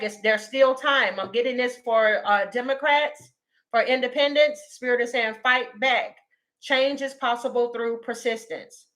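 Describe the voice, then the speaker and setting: A woman, doing a casual livestream tarot reading and talking straight to her viewers in a chatty, animated way. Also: a little high. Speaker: tarot reader.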